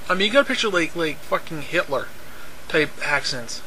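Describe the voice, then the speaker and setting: A man's voice: fairly high pitch, lively intonation, moderate pace, bright, forceful tone, slight background noise, low-quality recording. A man telling a rambling, profane story in a casual way, repeating himself and laughing often.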